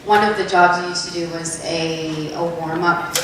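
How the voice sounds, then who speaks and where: An interviewer from Toronto, asking quick, light questions in a casual interview. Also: mid-range voice, steady tone. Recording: echoey room, distant mic, clear noise.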